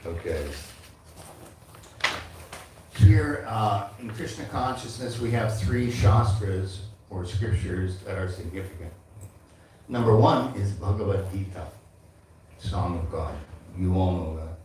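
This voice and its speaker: Speaking slowly with many pauses, this man in his seventies has a low, darkish voice as he recites Sanskrit verses and teaches a devotional class, adding asides to the audience. As a temple speaker, he is captured from far off in a large, echoey hall, with a little hiss or hum in the recording.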